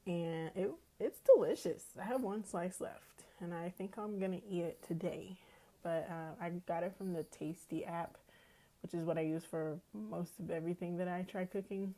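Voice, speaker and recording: A woman's voice: fairly low pitch, steady tone, normal speed, mellow. A woman, hosting her own podcast in an easygoing, chatty way and laughing often. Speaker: podcast host. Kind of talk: casual chat.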